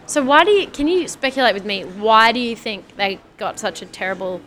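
A woman's voice: fairly high pitch, lively intonation, brisk, a bit bright, slight background noise. A woman with an Australian accent chatting casually as host, laughing often and asking curious questions. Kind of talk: casual chat.

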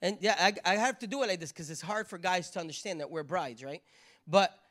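A woman's voice: on the low side, fairly quick, a bit bright. A woman preacher giving a sermon in a conversational way, with rhetorical repeated questions and a habit of asking "right?".

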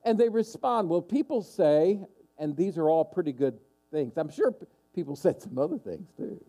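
A male pastor preaching with a lively, swooping delivery that climbs and falls as he presses his point. His voice sits a little high for a man yet sounds dark and mellow. He drives home each question by repeating it with emphasis. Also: normal speed. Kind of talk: sermon.

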